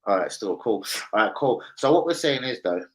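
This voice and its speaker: A man's voice: on the low side, expressive, brisk, rough recording. A man hosting a live football chat stream, chatty and slangy, talking straight to his co-host. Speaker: livestream football show host.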